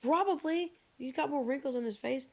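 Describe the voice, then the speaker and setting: A woman's voice: high-pitched, brisk. A young woman co-hosting a podcast, chatting and joking with a lot of "like". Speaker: podcast co-host. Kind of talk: casual chat. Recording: dull lo-fi podcast audio.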